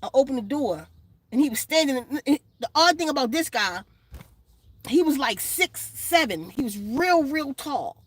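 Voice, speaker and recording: A woman's voice: sits high, expressive, normal speed, slight background noise. A woman vlogger telling a story in casual, blunt, profane street slang, outdoors in the sun.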